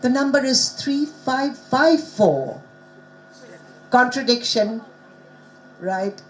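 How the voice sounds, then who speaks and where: A woman's voice: sits high, expressive, slow, long pauses, a little hiss or hum, poor audio. A woman who is not a native English speaker, presenting a conference workshop on pronunciation and questioning her audience. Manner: engaging, asks the audience questions. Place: conference hall.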